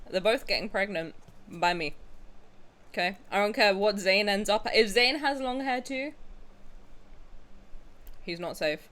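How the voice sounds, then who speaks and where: A young woman streamer chatting casually and excitedly to her viewers, dramatic and joking crudely. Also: mid-range voice, measured pace, long pauses. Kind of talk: casual livestream reaction chat.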